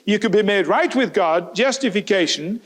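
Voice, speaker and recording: High-voiced man preaching a sermon. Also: normal speed. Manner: animated, voices quoted speakers; rhetorical questions to the audience.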